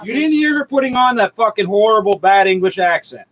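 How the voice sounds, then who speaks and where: Angry, foul-mouthed man heckling the broadcast, high voice, muffled recording. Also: expressive, a little fast, a bit bright. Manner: crude, angry, talks back at the broadcast. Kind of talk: ranting commentary over radio news. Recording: muffled lo-fi with faint hiss.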